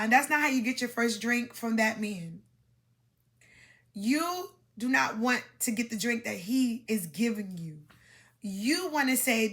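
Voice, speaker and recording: Bright-voiced woman coaching with emphasis. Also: on the high side. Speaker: podcast host giving dating advice. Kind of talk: instructional monologue with demonstrations.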